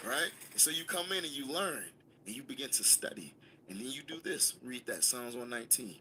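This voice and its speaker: A man's voice: medium pitch, lively intonation, fairly quick, background noise. A man leading a scripture class, emphatic and commanding, calling on a student to read. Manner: emphatic, commanding, call-and-response. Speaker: Bible class teacher.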